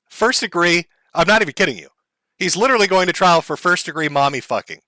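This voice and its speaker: Sarcastic, lively man ranting on stream. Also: high-pitched, dry recording. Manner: sarcastic, crude, mock-panicked asides. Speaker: streamer host. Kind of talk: mocking livestream rant.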